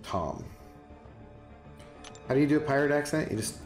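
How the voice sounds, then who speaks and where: A man's voice: medium pitch, lively intonation, moderate pace. A man streaming a game, chatting loosely and rambling as he answers his viewers by name. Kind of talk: casual live-stream chat. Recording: roomy, with background music.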